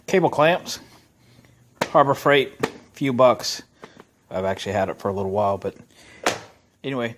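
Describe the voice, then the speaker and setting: A man, talking casually and with strong opinions as he walks through a wiring job in his workshop. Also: mid-range voice. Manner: relaxed, chatty, opinionated, with many uh fillers. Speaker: shop owner and video host. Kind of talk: casual how-to vlog.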